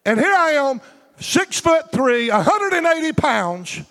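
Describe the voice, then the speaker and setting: A pastor delivers a fervent sermon in rhythmic bursts, calling for amens. His voice sits very high for a man. The sound rings with a long reverb from a large hall. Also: very animated, unhurried, fairly bright tone. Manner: fervent, rhythmic, call-and-response preaching.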